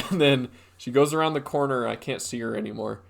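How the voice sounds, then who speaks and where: This young man, co-hosting a podcast, speaks fairly quickly in a gravelly, medium-pitched voice. His story wanders, loaded with fillers, in relaxed conversation.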